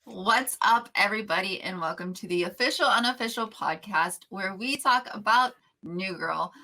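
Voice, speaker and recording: Woman host for a casual chat podcast, bright and upbeat, easy laugh. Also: mid-range voice, moderate pace, faint music behind. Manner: upbeat, chatty, laughs easily.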